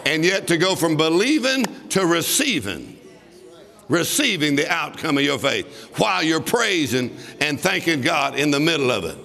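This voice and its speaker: A man's voice: on the high side, sing-song, normal speed, creaky, pushed and bright. A man preaching a sermon, telling a story and breaking into bursts of laughter as he exhorts. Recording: long reverb of a large hall.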